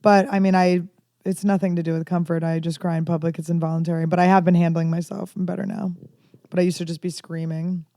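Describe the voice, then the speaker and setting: A woman comedian in her thirties telling candid, rambling stories with dark jokes in a casual podcast chat. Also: fairly low pitch, little pitch movement, fast, dry recording, studio quality. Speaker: comedian guest.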